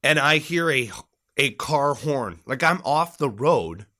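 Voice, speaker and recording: Bright-voiced man telling a profane story. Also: mid-range voice, slow. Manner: profane, animated, acts out shouted quotes. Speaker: podcast co-host telling a military story. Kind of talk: casual storytelling chat.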